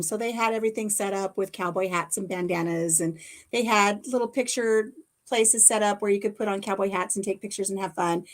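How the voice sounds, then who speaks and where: A woman hosting a live stream, telling funny personal stories in a casual, animated way. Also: medium pitch. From Iowa. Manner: animated storyteller, acts out her own cries. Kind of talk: casual storytelling chat.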